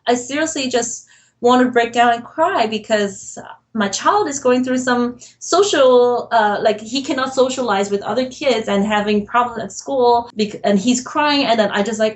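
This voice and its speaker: A woman's voice: a little high, moderate pace, low-quality recording. A middle-aged woman speaking candidly as a podcast guest, earnest and emotional, laughing often between admissions of self-doubt. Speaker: podcast guest, real estate broker. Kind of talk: candid interview conversation.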